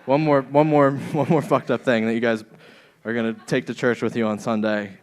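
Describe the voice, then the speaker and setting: A man's voice: mid-range voice, steady tone, normal speed. A young man doing a stand-up set in a comedy club, often laughing at his own jokes.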